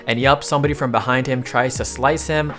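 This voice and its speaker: A man's voice: mid-range voice, steady tone, brisk, a bit bright, faint music behind. A man narrating a casual comic recap, tossing slangy, joking asides to his viewers.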